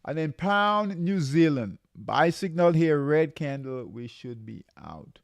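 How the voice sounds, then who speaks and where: With a slightly high voice, big pitch swings, and vocal fry, a trading show host calls buy and sell signals in a live market update recorded without echo. He repeats himself, drags out warnings, and fills his speech with fillers and restarts.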